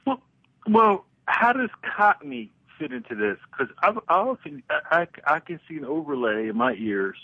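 A man whose voice is gravelly and husky, swinging widely up and down as he talks. He stumbles and restarts his sentences, full of eager curiosity. The sound is thin and dry, like a phone line. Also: fairly high pitch, no room sound. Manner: halting, restarts often, excited curiosity. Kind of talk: casual radio conversation.

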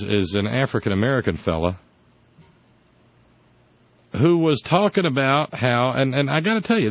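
A man's voice: mid-range voice, no room sound. A man hosting a casual political chat show, sardonic and rambling, with many restarts. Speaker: podcast host. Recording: dull lo-fi dry audio.

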